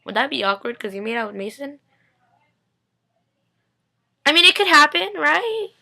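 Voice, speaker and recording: A young woman chatting excitedly in a casual recap vlog, rambling with many fillers, filmed at home on a webcam. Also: high voice, moderate pace, creaky, very noisy. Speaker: vlogger recapping a TV episode. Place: home during a family party.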